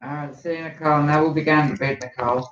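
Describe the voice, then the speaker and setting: A man's voice: a little high, fairly even intonation, fast, fairly bright tone. An older man chiming in casually from off to the side. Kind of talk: casual chat. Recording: roomy lo-fi audio with noise, off-mic.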